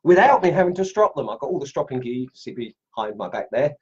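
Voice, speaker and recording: Australian man, middle-aged, chatty and excitable livestream host, husky voice, muffled home-workshop recording. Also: medium pitch, fast. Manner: excitable, chatty, exclaims and laughs, greets viewers by name. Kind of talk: casual live-stream chat, unboxing and testing knives.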